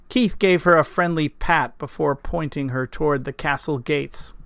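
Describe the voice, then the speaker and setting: A man narrating a scripted story in a steady, even-paced reading. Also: on the high side, smooth, dry recording.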